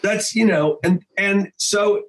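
A voice actor and improv teacher, this man chats animatedly in a casual podcast interview, cursing freely and dropping into quick character voices. His voice is high-pitched, and the recording is rough.

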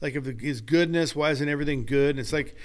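Speaking quickly in a clean, higher-pitched voice, an older guest author chats casually on a podcast. His storytelling has an earnest, sermon-like quality.

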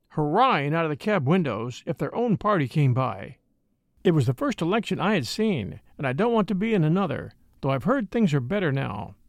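Male narrator, high and animated delivery, dry close recording. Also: dry recording. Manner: lively, expressive storytelling. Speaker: audiobook narrator. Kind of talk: scripted narration.

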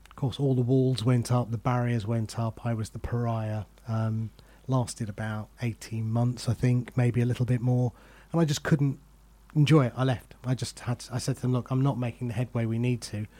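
A man's voice: medium pitch, little pitch movement, normal speed, few pauses, warm tone. A middle-aged man hosting a podcast, chatting casually and telling self-deprecating stories from his career. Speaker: podcast host. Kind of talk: casual conversation.

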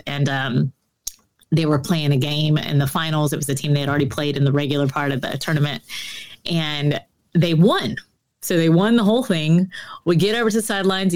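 A woman's voice: low-pitched, a little mellow. A woman guest on an interview podcast, telling stories earnestly with many fillers. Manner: earnest storytelling with frequent fillers. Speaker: podcast guest, author and speaker. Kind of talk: conversational interview.

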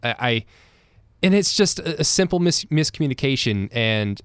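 Sports podcast guy, average pitched voice, jokey and chatty recapping the game. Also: lively intonation, normal speed, clear, resonant tone, dry recording. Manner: chatty and joking, with fillers and restarts. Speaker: podcast co-host. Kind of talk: casual post-game sports chat.

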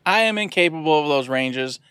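A man co-hosting a video game podcast in an animated, jokey way, laughing often. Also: a little high, a little fast, smooth, dry recording, clean studio sound. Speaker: podcast co-host. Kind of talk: casual chat.

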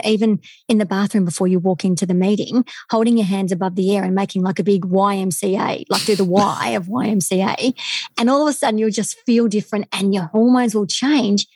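Woman guest, quick enthusiastic talker, mellow husky voice, dry remote-call sound. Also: medium pitch, dry recording. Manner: fast, enthusiastic, animated storyteller. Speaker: guest body language expert. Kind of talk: storytelling podcast interview.

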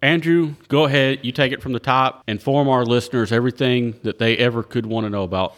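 A man's voice: mid-range voice, fairly even intonation, fairly quick, fairly bright tone. A man hosting a casual chat show, joking and laughing easily with his guests. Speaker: podcast host.

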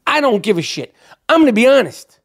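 A man's voice: very high-pitched, a little fast. Foul-mouthed man ranting about basketball. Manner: profane, animated, rambling. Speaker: podcast host. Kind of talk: casual sports podcast rant.

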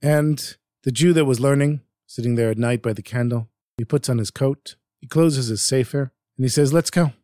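A man narrating a folktale in an expressive, dramatic storytelling manner. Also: medium pitch, normal speed, hardly any pauses, no room sound, clean studio sound.

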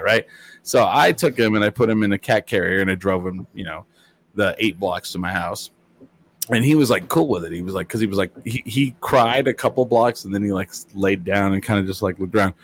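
Low man's voice, rambling casual story, laughing, swearing. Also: a little fast, slight background noise.

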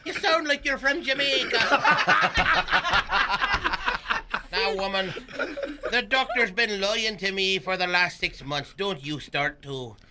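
A cranky old Irishman on his deathbed, as a male radio host puts him on, with a put-on Irish accent and a high, swooping voice. He keeps breaking into laughter. Loud noise hisses under the recording. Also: expressive, slow, gravelly, pauses often, exaggerated voice. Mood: groaning. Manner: breaking into laughter mid-line. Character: dying old Irish man, cranky and suspicious. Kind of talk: comedy radio skit.

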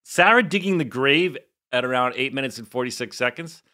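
Man, 40s, podcast co-host, bright voice, rambling anecdotes full of fillers. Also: medium pitch, a little fast. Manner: rambling, animated storyteller with filler words. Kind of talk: casual rewatch podcast chat.

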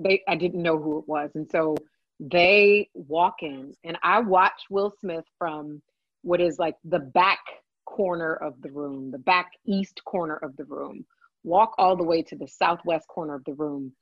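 A woman telling a lively story in casual chat, swearing freely and adding chatty asides. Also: deep voice, measured pace, no room sound, lo-fi sound. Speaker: podcast guest, works on a TV set.

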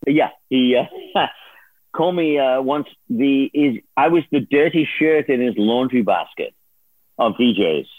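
This man, a former producer turned on-air host, appears as a guest in a casual interview, telling a story at a measured pace in a mid-range voice with lively intonation. He laughs often and imitates other people, and the dry, tinny phone-like recording has no echo.

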